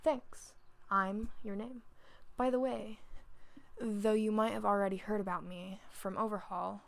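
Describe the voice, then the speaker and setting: A woman voicing a lonely, curious young woman in a fanfiction reading, speaking gently and asking questions. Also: medium pitch, fairly even intonation, a little slow, gravelly.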